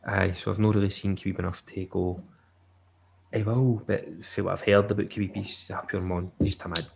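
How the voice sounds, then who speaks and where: A man's voice: low voice, little pitch movement, brisk, vocal fry, darkish tone. A man co-hosting a podcast, rambling and joking in casual chat. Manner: rambling and jokey, laughs often. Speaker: podcast co-host.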